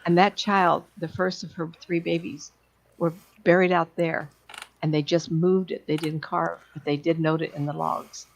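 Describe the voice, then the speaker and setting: A woman's voice: low-pitched, level tone, moderate pace, vocal fry, low-quality recording. A woman psychic medium telling chatty, rambling stories and acting out the voices of the people in them. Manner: chatty, laughing, acts out quoted voices. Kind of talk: rambling anecdotal storytelling.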